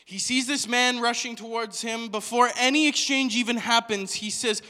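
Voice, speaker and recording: A man preaching a sermon in a church hall, animated, asking the congregation question after question. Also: high voice, normal speed, few pauses. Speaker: pastor.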